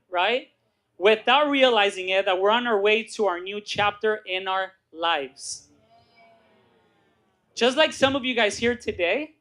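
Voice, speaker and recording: A middle-aged man giving a motivational talk to a live audience, telling his story with lively acted-out voices and asking "right?" again and again. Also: high voice. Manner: animated storytelling, acts out quoted voices, keeps asking "right?". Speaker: guest speaker. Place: meeting room with audience.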